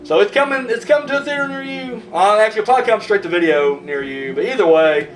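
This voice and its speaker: A man's voice: high-pitched, expressive, quick pace. A man hosting a horror news vlog, ranting and swearing in casual, rambling commentary. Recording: roomy, distant mic, faint noise.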